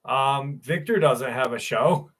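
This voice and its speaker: A man's voice: medium pitch, takes it slowly, fairly bright tone. A man hosting a live stream, reading out viewer comments in loose, chatty, sometimes profane talk, often laughing.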